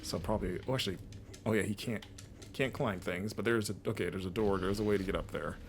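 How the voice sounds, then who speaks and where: Against background noise, a young man from the United States speaks quickly in a fairly low voice while chatting over gameplay. This streamer and games critic is chatty, laughs freely, and often switches into playful fake voices.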